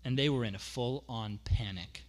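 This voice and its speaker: A man's voice: medium pitch, moderate pace. A man preaching a sermon as pastor, conversational, explaining with asides and repeating key phrases for emphasis.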